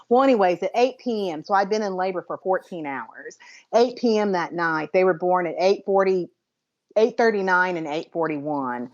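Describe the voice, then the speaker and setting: Woman, low voice, dull lo-fi recording, chatty storytelling co-host. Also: moderate pace. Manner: animated, laughing anecdote teller. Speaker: podcast co-host. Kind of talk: casual chat, storytelling. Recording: dull lo-fi sound.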